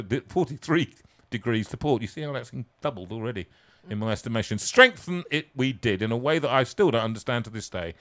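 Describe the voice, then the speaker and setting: A man reading his own comic story aloud, theatrical and self-mocking, moving from hushed asides to loud peaks. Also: medium pitch.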